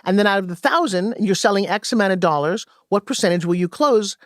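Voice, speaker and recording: A woman guest and sales coach, telling stories in an animated way and acting out quoted dialogue in a podcast interview. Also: mid-range voice, a little fast, no echo, clean studio sound.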